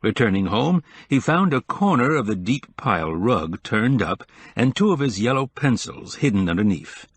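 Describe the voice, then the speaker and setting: A man reading an audiobook in a measured, even scripted narration. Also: mid-range voice, slightly rough, dry recording.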